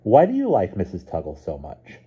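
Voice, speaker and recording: A man's voice: sits low, huge pitch swings, brisk, slightly rough, narrow, tinny audio, heavily acted. A man reading a storybook aloud, voicing an anxious girl who talks in a worried, pleading way. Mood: wary.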